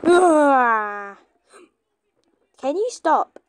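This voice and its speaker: A woman giving excitable gameplay commentary, chatting to a companion and shouting at teammates. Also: high-pitched, unhurried, long pauses, slight background noise. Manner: chatty, talks to a toy companion. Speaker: gamer.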